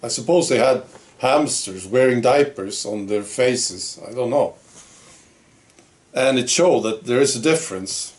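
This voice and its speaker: A man's voice: mid-range voice, expressive, unhurried, darkish tone. A man hosting his own opinion vlog, talking in a blunt, sarcastic, plain-spoken way. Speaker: channel host.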